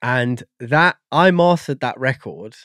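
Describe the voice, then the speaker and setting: A man chats as a podcast guest, rambling and circling around his point with plenty of fillers. His voice sits at a middle pitch. The recording is dry and close, with no room sound. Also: animated, slow pace, a bit bright, no room sound. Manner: rambling, searching for words with many fillers. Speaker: guest audio engineer. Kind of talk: casual podcast chat.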